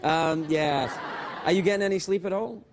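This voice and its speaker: A man's voice: on the high side, a little hiss or hum. A Scottish man in his fifties hosting a late-night talk show, joking and ad-libbing with a guest. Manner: playful, quick ad-libbing. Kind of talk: comic talk show banter. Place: TV studio with audience.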